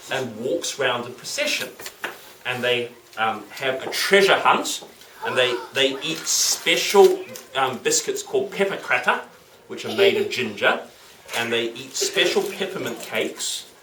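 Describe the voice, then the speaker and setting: A playful man tells a legend to a group of children and keeps asking them questions. His pitch leaps and dips constantly. He is recorded from a distance in a reverberant room with faint background noise. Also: bright, forceful tone. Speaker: storyteller to children. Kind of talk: lively storytelling for children.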